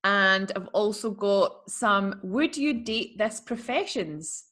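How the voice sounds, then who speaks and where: A woman's voice: mid-range voice, animated, slow pace, fairly bright tone. A young woman co-hosting a podcast in casual chat, rambling through stories with lots of fillers. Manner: chatty, rambling storyteller, many "like" fillers. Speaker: podcast co-host.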